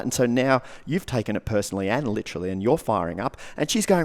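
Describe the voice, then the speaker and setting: A man's voice: mid-range voice, lively intonation, fast talker, hardly any pauses, a little mellow. A man, a coach and speaker, talking casually on a podcast. He swears freely and acts out the reactions he describes.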